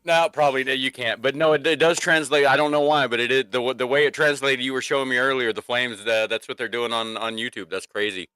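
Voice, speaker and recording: A man co-hosting a casual livestream, talking in an easygoing, halting way. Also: mid-range voice, fairly even intonation, bright, forceful tone, clean tone, no room sound. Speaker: co-host.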